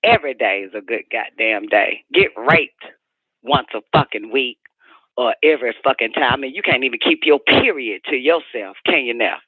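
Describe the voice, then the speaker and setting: A man's voice: mid-range voice, moderate pace, slightly rough, no room sound, natural voice. A man voicing a furious woman who rants and curses scornfully at her partner, over a phone-like radio line. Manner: profane, shouting, scornful rant.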